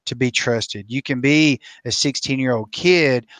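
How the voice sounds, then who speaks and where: A man hosting a relaxed interview, earnest and encouraging toward his guest. His voice sits at a middling pitch, and the recording is dry and close, with no room sound. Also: a little slow, no room sound. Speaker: podcast host. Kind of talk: casual interview chat.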